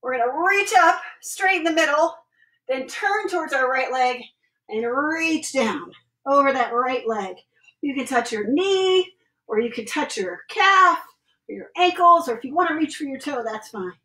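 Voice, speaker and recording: High, bright mom counting workout reps. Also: female voice, normal speed. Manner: cheerful, encouraging instructions and steady counting. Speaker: mother leading a family workout. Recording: echoey room, voice from far off the mic.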